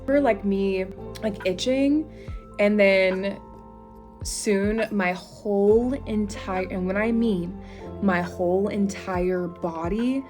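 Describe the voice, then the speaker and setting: A young woman in her twenties speaks at home in a loose, chatty story-time manner, talking straight to her viewers. Her voice sits at a mid pitch, easy and unhurried, with soft music faint underneath. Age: 20s. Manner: chatty, addresses viewers as y'all. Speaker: vlogger.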